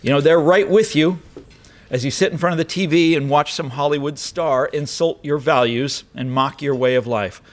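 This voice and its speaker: This political speech comes from a man whose voice runs a bit high and whose pace is normal. Speaking to a lecture-hall audience, he leans on emphasis and rhetoric, with the occasional wry remark.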